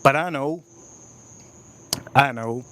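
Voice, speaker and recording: A man's voice: mid-range voice, takes it slowly, bright, forceful tone, a little hiss or hum. A man hosting a live stream, reviewing whiskey and cooking, enthusiastic, repeating phrases and talking to his chat. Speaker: livestream host.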